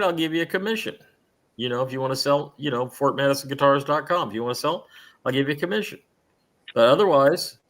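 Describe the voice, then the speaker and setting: A man's voice: mid-range voice, bright, forceful tone. A middle-aged man hosting a live stream show in rambling, chatty conversation, restarting his sentences often. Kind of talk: casual chat.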